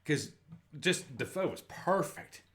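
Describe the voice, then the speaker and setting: A man's voice: a little high, lively intonation, slow pace. A man co-hosting a podcast in casual chat, enthusiastic and swearing often. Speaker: podcast co-host.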